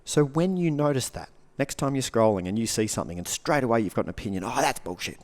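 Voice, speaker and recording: A man's voice: medium pitch, big pitch swings, fast, a little mellow. A man, a coach and speaker, talking casually on a podcast. He swears freely and acts out the reactions he describes.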